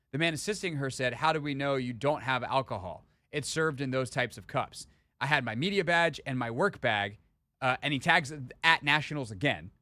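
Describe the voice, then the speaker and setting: A man's voice: mid-range voice, pushed and bright, no room sound. A man hosting a sports radio show, telling a story in casual chat and building into mock indignation. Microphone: studio microphone.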